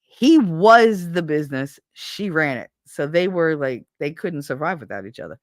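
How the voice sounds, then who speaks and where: A middle-aged woman with a New York accent telling animated, profane stories in a casual chat as a show host. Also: low voice, normal speed, no room sound, studio quality. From Brooklyn, New York. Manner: animated, profane, acts out neighborhood voices.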